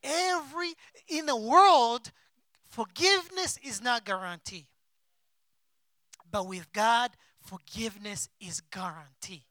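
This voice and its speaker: A man preaching a sermon as a pastor, with impassioned delivery and big swings between soft and loud. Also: very high-pitched, takes it slowly, dry recording. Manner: acts out quoted figures in his own voice. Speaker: pastor and missionary.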